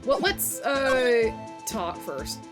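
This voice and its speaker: A woman streaming a blind playthrough, reacting excitably with swearing and jokey asides while reading dialogue aloud. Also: on the high side, extremely slow. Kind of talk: casual gameplay commentary, reading dialogue aloud. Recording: game music in background.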